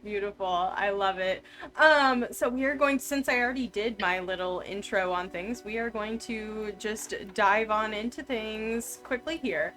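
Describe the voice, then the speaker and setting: A woman game master talking with her players over an online call, chatty and laughing often, narrating the scenes in a steady storyteller's read. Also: mid-range voice, a little slow, faint music behind. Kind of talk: narrating a tabletop game on a live stream.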